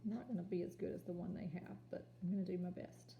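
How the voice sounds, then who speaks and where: A woman teaching a kindergarten home lesson on video, sounding out letters and words slowly and patiently. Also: fairly low pitch, gravelly, warm tone, echoey room, a little hiss or hum. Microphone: phone or camera.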